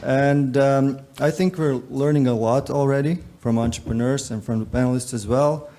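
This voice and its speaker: A man moderating a conference panel in a relaxed, joking way, with frequent fillers. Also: mid-range voice, moderate pace. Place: conference stage.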